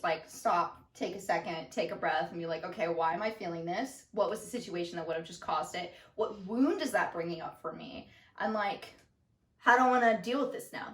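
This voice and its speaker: A young woman, co-host and daughter, chatting in an animated, goofy way and acting out her own thoughts. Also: medium pitch. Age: young adult. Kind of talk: casual conversation. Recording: roomy, distant from the mic.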